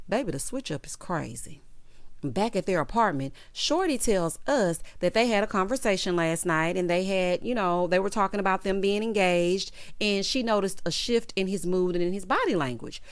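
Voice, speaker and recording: A woman's voice: mid-range voice, moderate pace, no echo. A woman giving a sassy, opinionated reality TV recap, acting out quotes in character. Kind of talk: casual recap commentary.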